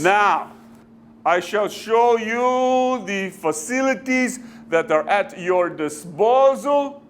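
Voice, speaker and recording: An actor playing a pompous, bossy senior weather forecaster who speaks stiff, halting formal English in a put-on accent. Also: male voice, high voice. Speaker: comic actor. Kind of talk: amateur comedy sketch.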